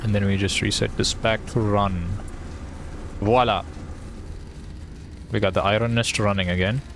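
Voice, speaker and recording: A man's voice: on the low side, fairly even intonation, measured pace, gravelly, fairly bright tone, slight background noise. A man streaming a game, chatting casually and playfully while thinking aloud and reading bits to himself. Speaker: gaming streamer. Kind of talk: casual gameplay commentary.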